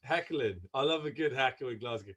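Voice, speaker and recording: A musician from Cornwall in casual interview chat, laid-back and full of fillers. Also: male voice, medium pitch, animated, fairly quick, fairly bright tone, breathy edge, dull audio. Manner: laid-back, lots of "like" and "man".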